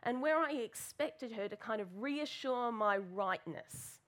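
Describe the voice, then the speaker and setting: A woman's voice: a little high, expressive, unhurried, a bit bright. A woman preaching a sermon in church, telling a candid, self-deprecating personal story with plenty of fillers.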